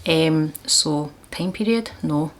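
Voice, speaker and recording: A book vlogger with a deep voice takes it slowly through some casual book chat. She's chatty and enthusiastic and laughs frequently.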